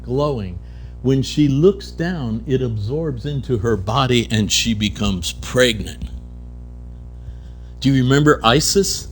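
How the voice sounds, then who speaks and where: A man giving a keynote at a conference, telling mystical stories and acting out the characters in them. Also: mid-range voice. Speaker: keynote speaker. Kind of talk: spiritual storytelling lecture. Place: conference hall.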